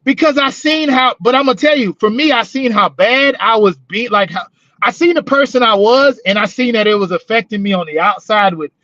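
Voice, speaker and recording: High-voiced male co-host, rambling and profane, dry dull audio; casual storyteller, prison-work talk. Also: a little fast, sharp tone, dry recording. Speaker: podcast co-host, former corrections officer. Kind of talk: casual chat.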